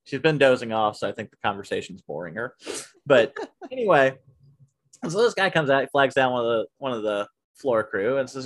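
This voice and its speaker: A man hosting a podcast, casually telling stories about his work at a movie theater in an animated way, often laughing as he goes. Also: mid-range voice, a little fast. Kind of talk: casual storytelling chat.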